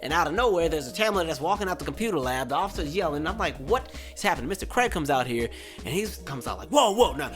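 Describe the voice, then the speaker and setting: A man's voice: on the high side, fast talker, faint music behind. A man in his twenties, a podcast host telling a story casually, acting out the people in it with a raised voice. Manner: animated, acts out quotes with raised voice.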